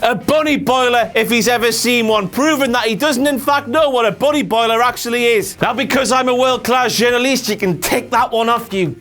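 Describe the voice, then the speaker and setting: A man's voice: extremely high pitch, fairly quick, hardly any pauses, a bit bright, faint music behind. A young English man with a Geordie accent, hosting a wrestling comedy show with a sarcastic, mock-pompous rant. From England. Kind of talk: comedic ranting commentary.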